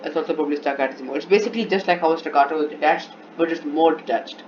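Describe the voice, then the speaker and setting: Racing along in a fairly high voice, this man improvises a music theory lesson, frequently starting over and repeating himself while demonstrating. The recording is dull and lo-fi, with an instrument playing.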